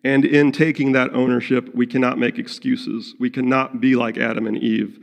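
A man's voice: medium pitch, little pitch movement, moderate pace, creaky, lo-fi sound. A man preaching as pastor in an earnest sermon, acting out prayers and quotes in his own voice. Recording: long reverb of a large hall.

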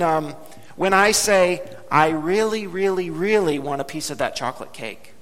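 A man preaching a sermon as pastor, speaking emphatically and slowing down to drop low on key words. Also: a bit bright. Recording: long hall reverb.

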